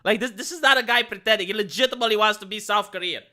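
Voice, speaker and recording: A man's voice: sits high, very fast, sharp tone. A man from Romania doing casual commentary on a live stream, stammering through restarts and lots of filler words. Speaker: live streamer reacting to a video.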